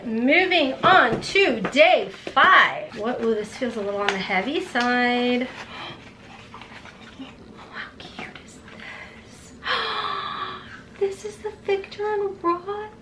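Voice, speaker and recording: A woman in her forties unboxing beauty products in a vlog, gushing and gasping with excitement. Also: a little high, background noise. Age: 40s. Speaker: beauty vlogger.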